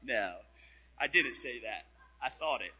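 A man preaching a storytelling sermon in a casual, slangy way, swinging between loud bursts and hushed asides. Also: mid-range voice, expressive, a little slow, breathy edge, low-quality recording.

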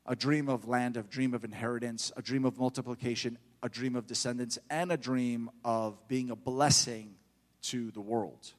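A man's voice: mid-range voice, fairly even intonation, normal speed. Fervent preacher man in a reverberant hall. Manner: fervent, builds to loud exhortation. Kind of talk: sermon.

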